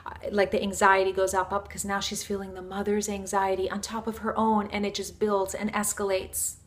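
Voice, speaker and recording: A woman's voice: medium pitch, flat delivery, a little fast. Earnest woman giving a spiritual talk. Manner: earnest, flowing, with many fillers like "like" and "you know". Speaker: spiritual teacher. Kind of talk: casual teaching talk.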